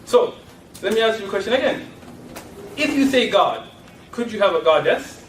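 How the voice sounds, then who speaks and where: High-voiced man lecturing in an echoey room. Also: big pitch swings, normal speed, a bit bright, far from the mic, slight background noise. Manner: rhetorical questions, teases the audience. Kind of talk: lecture to an audience.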